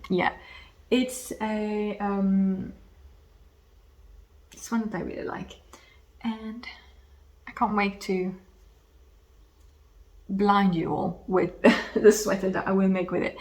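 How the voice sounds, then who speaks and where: A woman hosting a knitting podcast in casual, rambling chat at home, slightly losing her voice, with self-deprecating asides. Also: a little high.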